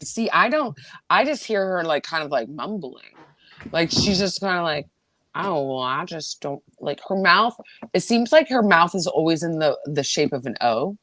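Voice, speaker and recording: A woman's voice: on the low side, lively intonation, normal speed, a bit bright. Woman host rambling away, lots of "like", giggly, bouncy voice. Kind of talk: casual chat.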